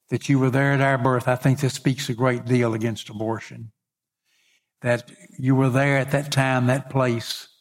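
A middle-aged male pastor preaching a sermon in an earnest way, reading scripture aloud and lifting his voice on the quoted cries. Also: mid-range voice.

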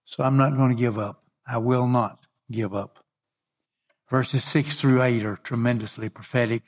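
A man's voice: mid-range voice, steady tone, measured pace. A middle-aged male pastor preaching a sermon in an earnest way, reading scripture aloud and lifting his voice on the quoted cries.

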